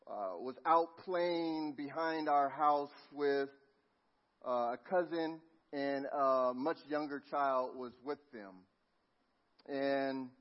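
A middle-aged man preaching a sermon, telling a family story and dropping to a near hush at tender moments. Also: on the high side. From Los Angeles. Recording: muffled lo-fi sound.

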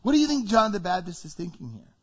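A man's voice: high-pitched, fast talker, husky, dull audio. A man preaching a sermon, vividly acting out biblical figures as he tells the story. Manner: acts out biblical figures with lively quoted voices.

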